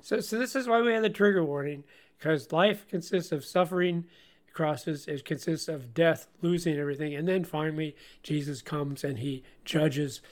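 A man co-hosting a Bible-study radio show, teaching in an animated way with frequent laughs and stumbling restarts. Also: a little high, normal speed.

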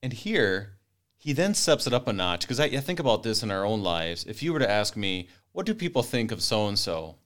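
A man's voice: on the low side, sing-song, fairly quick, fairly bright tone. A man in a casual Bible study discussion, speaking conversationally and applying the passage to everyday life.

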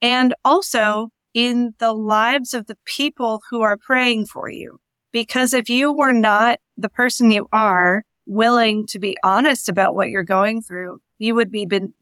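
A woman's voice: medium pitch, vocal fry, fairly bright tone, no echo. A woman hosting a podcast interview, responding to her guest in a reflective, affirming way. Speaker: podcast host. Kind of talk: conversational interview.

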